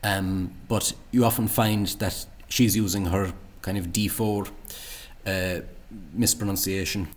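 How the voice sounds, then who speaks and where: A man's voice: low voice, fairly even intonation, unhurried. A man with a Munster Irish accent, teaching pronunciation and carefully repeating words to show their sounds. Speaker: language teacher. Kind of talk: commenting on app recordings.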